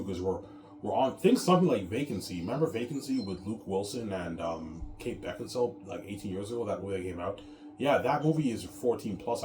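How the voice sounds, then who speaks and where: A man with a very low voice talks in a loose, rambling way, circling back to the same points and ending lines with "man." His voice rings around a reflective room over steady, clearly heard background noise. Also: roomy sound. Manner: rambling, repetitive, tags sentences with "man". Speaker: show host. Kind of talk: casual rambling monologue.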